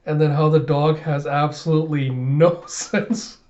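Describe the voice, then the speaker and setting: A man's voice: fairly high pitch, fairly even intonation, measured pace, darkish tone. A young man hosting a casual reaction video, chuckling often and filling with uhs. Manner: chuckling, many fillers. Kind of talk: casual chat. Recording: slightly muffled lo-fi audio.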